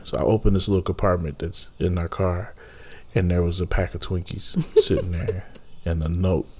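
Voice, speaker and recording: Very deep-voiced tired man, rambling playfully. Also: a little mellow, husky. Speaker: podcast co-host. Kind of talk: casual married-couple chat.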